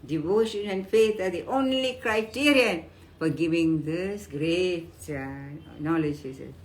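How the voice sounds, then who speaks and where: Older woman, spiritual teacher, devotional discourse, gentle and earnest, halting with restarts, faint room hum. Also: on the low side. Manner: unhurried, halting, with many restarts and soft fillers; gentle and earnest, quoting the deity in a tender voice.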